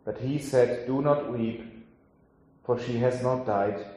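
A man preaching, reading scripture aloud and then giving a sermon in a slow, solemn way. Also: medium pitch, steady tone, mellow. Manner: slow, solemn delivery with drawn-out phrases. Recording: very echoey hall.

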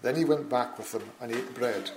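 A man with an ordinary mid-range voice reads scripture aloud at a church meeting. His delivery is steady and measured. He breaks off now and then for short plain asides to the listeners. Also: mid-range voice, noisy background. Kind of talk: Bible reading at a church meeting.

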